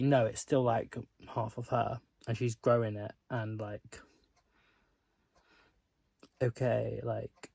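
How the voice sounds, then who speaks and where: A man in a casual book vlog, his voice gravelly with a lot of low fry. He rants in exasperation and peppers his talk with "like" and curse words. The sound is dry and close, with no room around it. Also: darkish tone, no echo. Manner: exasperated ranting, full of "like" and swearing. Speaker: book vlogger. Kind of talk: casual reading-update vlog.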